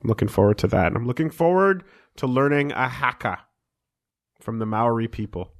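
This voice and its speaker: A young man rambles through casual podcast banter, stumbling over fillers and restarts and swearing as he goes. His voice sits at an ordinary pitch, neither high nor low. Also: lively intonation, normal speed. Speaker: podcast co-host. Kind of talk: casual chat.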